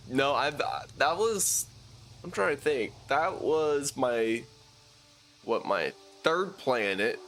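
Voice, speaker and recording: A young man chatting casually on a live game stream, slangy and relaxed, thanking viewers with lots of fillers and restarts. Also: medium pitch. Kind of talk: casual live-stream chat while gaming.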